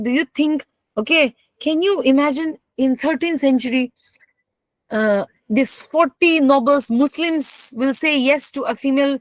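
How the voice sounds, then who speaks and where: A woman history teacher speaks in a slightly high voice. She lectures emphatically, slipping between languages and throwing rhetorical questions at her students. The recording is dry, with little room sound. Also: no echo. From Northeast India. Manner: emphatic, code-switching, asks the class rhetorical questions.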